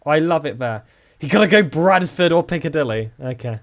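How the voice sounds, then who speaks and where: A young man from the south of England with a southern English accent, chatting casually with his live-stream viewers and joking around. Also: a little fast. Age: young adult. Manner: chatty and joking, with lively swings in pitch.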